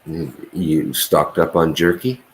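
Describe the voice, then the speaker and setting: A man's voice: extremely low pitch, flat delivery, takes it slowly, a little hiss or hum. A man vlogging on the road, joking in casual chat with a companion. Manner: joking, wry banter.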